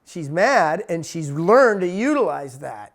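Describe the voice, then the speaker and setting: A man's voice: fairly high pitch, big pitch swings, measured pace, vocal fry. A man giving a spiritual talk in a blunt, emphatic monologue, swearing freely. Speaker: spiritual teacher.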